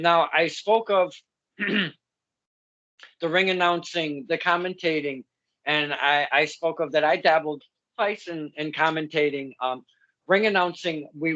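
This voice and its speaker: A man's voice: fairly high pitch, a little slow, a bit bright. Stammering man telling wrestling stories. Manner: rambling, stammers and restarts, laughs while telling stories. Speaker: podcast host and local wrestling ring announcer. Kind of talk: casual interview chat. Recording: slightly dull lo-fi sound.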